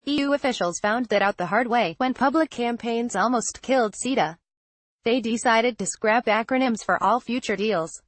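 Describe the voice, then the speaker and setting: A woman narrating a trade-policy newsletter as scripted news, with a measured, even delivery. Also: fairly high pitch, no echo.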